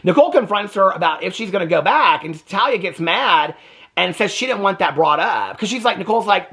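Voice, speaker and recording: A man hosting a reaction video, recapping a documentary in casual, exasperated commentary with quick asides. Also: high-pitched, lively intonation, pushed and bright.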